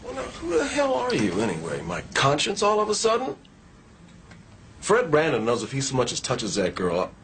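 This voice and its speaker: An actor playing a pushy, domineering police chief who leers and then turns gruff and dismissive. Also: male voice, fairly high pitch, wildly swooping pitch, normal speed, fairly bright tone, slight background noise, heavily acted. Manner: leering, dismissive, swings from chuckling to gruff. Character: pushy middle-aged male police chief, boozy and domineering. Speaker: police boss. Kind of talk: TV movie acting. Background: film score music.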